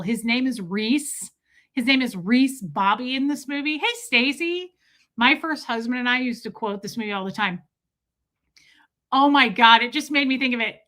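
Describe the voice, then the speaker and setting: A woman hosting a casual livestream, reading viewer comments and telling stories with frequent laughter. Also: on the high side. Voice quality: chatty, laughs often, animated storytelling. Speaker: livestream host.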